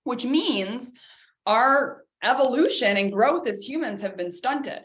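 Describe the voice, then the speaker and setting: A woman wellness coach giving an energetic, emphatic workshop talk, speaking directly to her audience and calling them guys. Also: a little high, takes it slowly.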